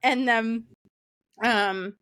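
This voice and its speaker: A woman's voice: fairly even intonation, very slow, fairly bright tone, clear, resonant tone. Chatty young woman telling a story. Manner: chatty, laughs often, acts out quotes in a high voice. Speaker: podcast co-host. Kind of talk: casual chat.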